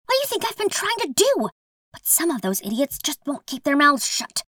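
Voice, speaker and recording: A woman voicing a nervous young male student whose voice squeaks and trails off, in an audiobook. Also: very animated, a little fast, a bit bright, dry recording, studio quality.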